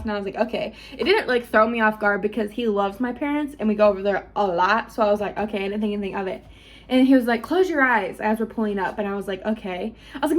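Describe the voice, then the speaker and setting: A woman's voice: medium pitch, fairly quick. A young woman vlogging at home, gushing and chatty as she tells a story to camera.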